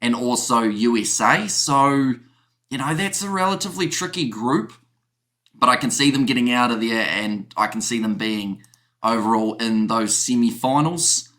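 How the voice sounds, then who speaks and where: A man's voice: mid-range voice, animated, normal speed, fairly bright tone. A man with a mid-range voice chats casually as a podcast co-host. He talks in an easygoing, rambling way, often saying "you know". He sounds like he is on a video call. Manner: chatty, uses "you know" a lot. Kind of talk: casual sports chat.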